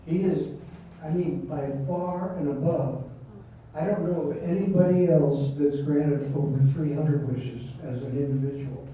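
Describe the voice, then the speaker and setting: Slow-talking man, distant and echoey. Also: fairly high pitch, steady tone, slight background noise. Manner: unhurried, halting, with many fillers. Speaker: guest speaker. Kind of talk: casual conversation. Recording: distant, roomy, dull recording.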